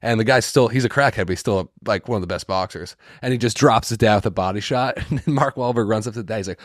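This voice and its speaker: Man, very deep voice, casual podcast storytelling, slightly hoarse from a cold, dry close sound. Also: quick pace, few pauses, dry recording. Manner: animated storyteller, swears a lot, mimics voices. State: a little sick, slightly hoarse. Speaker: podcast co-host.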